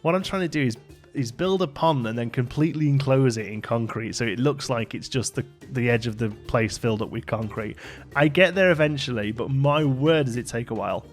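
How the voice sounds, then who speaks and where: A man talks through his build in a relaxed, meandering way, full of ums and self-deprecating asides. He sounds a bit worn out and yawns now and then. His voice sits at an ordinary pitch, and soft music plays faintly underneath. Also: a little fast. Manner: rambling, chatty, self-deprecating, many fillers. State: tired, yawning. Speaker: gaming YouTuber. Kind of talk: casual let's play commentary.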